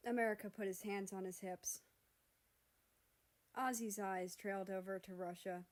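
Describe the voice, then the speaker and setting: A woman's voice: medium pitch, steady tone, moderate pace. Woman reading a story aloud. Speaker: fan fiction reader. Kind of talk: storybook narration.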